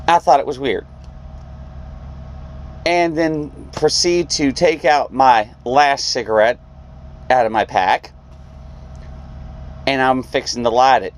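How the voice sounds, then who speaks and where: A man's voice: medium pitch, a little hiss or hum. A man, a truck driver, telling a story in a vlog and acting out the people in it. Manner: animated storyteller, acts out quoted voices.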